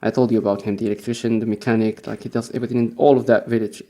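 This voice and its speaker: A man's voice: mid-range voice, flat delivery, rapid-fire, mellow. A young man from Morocco who works as a teacher, telling a rambling, profane story in a casual spoken-diary monologue and chuckling often.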